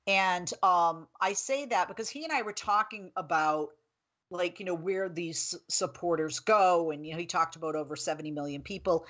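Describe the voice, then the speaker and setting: A woman in her forties hosting a political talk show, chatting and telling stories in an animated way. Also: lowish voice, normal speed. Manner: chatty, animated storytelling with laughs.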